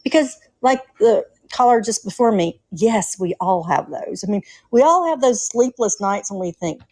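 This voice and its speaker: A woman's voice: mid-range voice, expressive, moderate pace, darkish tone, rough recording. A middle-aged woman with a Southern Atlanta accent, calling in and telling stories in an earnest, chatty way. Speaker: caller. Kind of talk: casual call-in chat.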